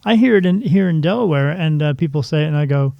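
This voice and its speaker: A man with a slightly high, gravelly voice hosts a spiritual podcast in loose, jokey chat. He rambles and leans on filler words. The recording is dry and a bit dull, as if through a lo-fi mic. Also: lively intonation, quick pace, no echo. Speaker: podcast host. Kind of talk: casual chat. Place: Delaware.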